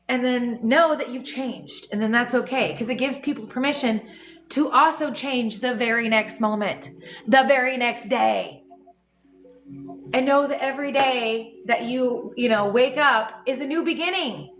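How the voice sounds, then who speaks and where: A woman's voice: fairly high pitch, normal speed, fairly bright tone. A woman acting as a spiritual teacher on a home livestream, speaking frankly and swearing freely, often checking in with "okay?". She talks into a phone mic. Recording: echoey room with faint music.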